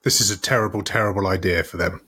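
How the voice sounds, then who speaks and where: A man's voice: sits low, fairly even intonation, fast, bright, forceful tone, husky. A man co-hosting a podcast, chiming in with wry, polite remarks and laughing along. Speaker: podcast co-host. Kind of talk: casual banter.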